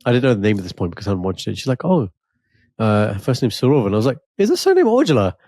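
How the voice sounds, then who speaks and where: A man's voice: on the low side, rapid-fire, dry recording. A man co-hosting a podcast, chatting casually and acting out quotes as he tells stories. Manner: animated storytelling with acted-out quotes. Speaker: podcast co-host. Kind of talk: casual chat.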